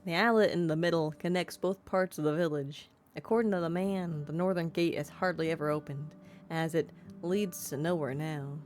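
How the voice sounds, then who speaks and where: A woman streamer reads a video game's text aloud in a fairly low voice, then slips into self-deprecating chatter between passages. Soft guitar music plays faintly behind her. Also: moderate pace. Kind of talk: let's-play narration and commentary.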